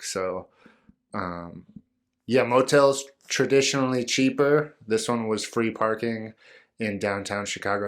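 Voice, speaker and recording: A man hosting his own podcast, talking casually and rambling with jokes and many fillers. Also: fairly low pitch. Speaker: podcast host. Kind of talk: casual solo podcast talk.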